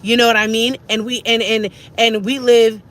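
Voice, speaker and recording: A woman's voice: fairly high pitch, level tone, moderate pace, a bit bright. A woman, ranting emphatically to camera as a vlogger and repeating herself for stress.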